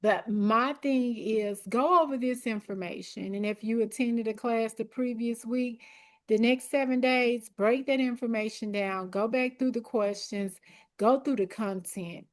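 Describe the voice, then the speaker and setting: Hoarse woman coaching, fairly high voice. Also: a little slow. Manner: direct, repetitive, encouraging. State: losing her voice, clearing her throat. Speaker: academic coach. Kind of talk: online group exam coaching session.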